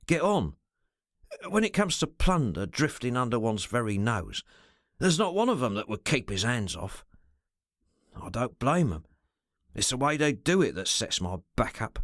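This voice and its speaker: A man voicing a rough, loyal henchman who argues in coarse common speech, with a soft purr and a snarling undertone. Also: mid-range voice, dry recording, studio quality. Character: rough loyal male henchman, fretful and scrappy.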